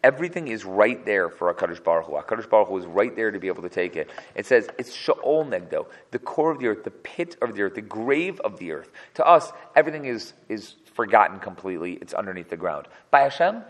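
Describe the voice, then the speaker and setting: A man's voice: fairly low pitch, very animated, fast talker, few pauses. A man teaching a text study class, reading verses and translating and explaining each one. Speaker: Torah teacher. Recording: long hall reverb.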